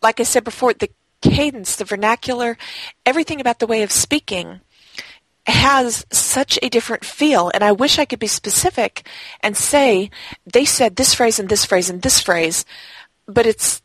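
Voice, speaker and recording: A woman co-hosting a gaming podcast in casual chat, talking in a lively, chatty way. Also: fairly high pitch, moderate pace, no echo, poor audio. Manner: chatty, laughs easily. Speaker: podcast co-host; game blog writer. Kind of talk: casual chat about games.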